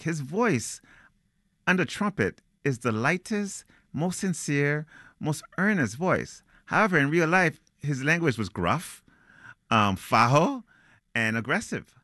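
A man's voice: a little high, big pitch swings, slow pace, sharp tone, dry recording, studio quality. A man reading aloud from his novel and then talking about it in an interview, thoughtful and searching for words. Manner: thoughtful, with ums and restarts when speaking freely.

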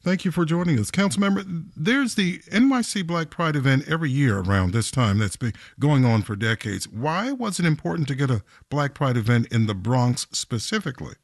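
A man's voice: fairly high pitch, lively intonation, brisk, hardly any pauses, no echo, studio quality. A man hosting a live morning radio show, introducing stories and interviewing a guest in polished announcer phrasing.

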